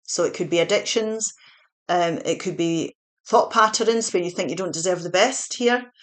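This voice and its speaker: A woman's voice: fairly low pitch, normal speed. A woman giving a spoken tarot reading in a chatty, reassuring way, now and then correcting herself mid-sentence. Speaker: tarot reader.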